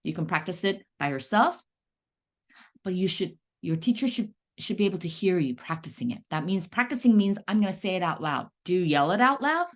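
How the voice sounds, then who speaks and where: A woman's voice: lowish voice, expressive. Sing-song first grade teacher woman. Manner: patient, sing-song teacher talk with drawn-out words. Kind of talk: classroom writing lesson.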